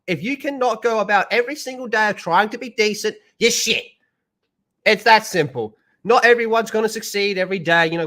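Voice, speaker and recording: High, bright ranting man. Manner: profane, blunt ranting. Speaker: streamer commentator. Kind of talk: ranting commentary.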